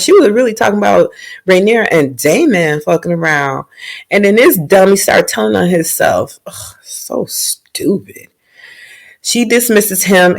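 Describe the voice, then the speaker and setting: Woman recapping a show, lots of slang and cussing, joking around, vocal fry. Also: on the low side. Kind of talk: casual TV recap.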